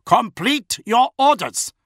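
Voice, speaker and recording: A man's voice: a little high, moderate pace, pushed and bright, no room sound, studio quality, voice pushed up. A man playing a stern, commanding bodyguard. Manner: insistent, commanding.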